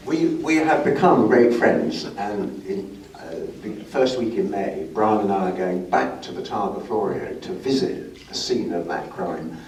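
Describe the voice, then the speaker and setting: An older man telling a lively, self-mocking racing story to a club audience. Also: on the low side. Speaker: guest speaker. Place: club brunch function room. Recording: echoey room, recorded from a distance.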